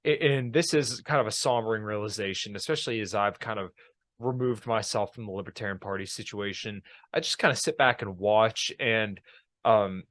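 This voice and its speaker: A man's voice: on the low side, moderate pace, a bit bright, no echo. A man chatting casually about politics on a podcast, laid-back, with joking asides. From Pennsylvania.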